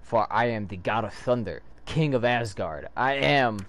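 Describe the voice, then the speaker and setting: Grave thunder god read by a man, slow, solemn, lively pitch. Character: solemn, memory-lost male thunder god. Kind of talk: comic read aloud.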